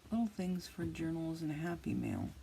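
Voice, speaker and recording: A woman hosts a casual crafting tutorial, chatting, thinking aloud, and muttering and scolding herself as she works. Her voice is low-pitched, creaky, and mellow at normal speed, with slight background noise.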